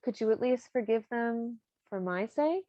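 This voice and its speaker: A woman voicing a gracious, forgiving noblewoman, talking in a gently reproachful way. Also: on the high side, expressive, measured pace, dry recording, muffled recording.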